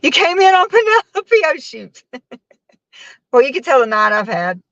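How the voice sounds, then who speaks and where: A woman's voice: sits high, big pitch swings, moderate pace, a bit bright, no echo. Tired woman rambling on a live stream. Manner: rambling, laughing often, talking to her chat. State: tired after a long work shift. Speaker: livestreamer chatting with viewers. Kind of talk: casual live-stream chat. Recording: dull, dry phone-mic sound.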